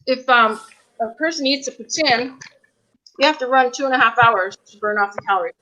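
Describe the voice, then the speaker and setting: Speaking fairly quickly with a slightly high, sharp-toned voice, a woman from Canada cooks a dish as a guest on a casual video call. She's easygoing, apologetic and prone to giggles. Her laptop mic gives dull audio with a little background noise.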